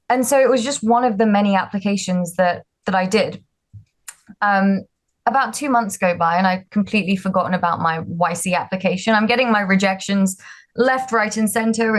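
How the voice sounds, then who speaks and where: A young woman tells her startup story in an interview. She talks in a chatty, self-deprecating way, with plenty of ums and likes as she goes. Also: medium pitch. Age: 20s. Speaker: startup founder, guest.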